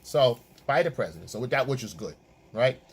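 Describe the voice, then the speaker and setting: A man's voice: medium pitch, expressive, fairly quick, slightly rough. A man working as a dating and relationship coach, giving opinion commentary in an emphatic, repetitive, lecturing way.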